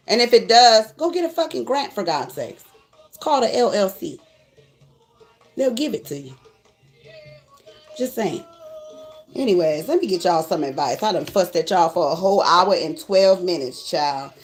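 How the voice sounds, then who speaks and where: A tarot reader with a high voice lectures her viewers in a loose, profane rant. She scolds bluntly and cusses without pause. A faint noise runs under the recording.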